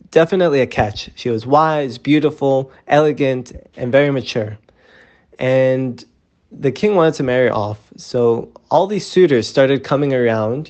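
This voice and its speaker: A man's voice: medium pitch, a little mellow, muffled recording. A man telling a parable in a casual, conversational way, often adding "you know", recorded as a phone voice message. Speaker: storyteller sharing a parable. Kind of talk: casual spoken storytelling.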